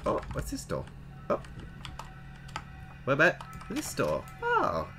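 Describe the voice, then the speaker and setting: A man giving casual, animated commentary while playing a horror game, exclaiming and chatting to his viewers. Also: medium pitch, slow, soft background music. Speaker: let's play gamer.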